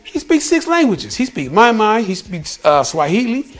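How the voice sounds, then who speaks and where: Man from the US, fairly high voice, emphatic casual vlog talk, repeats himself, soft music underneath. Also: very animated, normal speed. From United States. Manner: emphatic, repetitive, calls listener "bro". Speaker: vlogger. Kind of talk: casual opinion talk to camera.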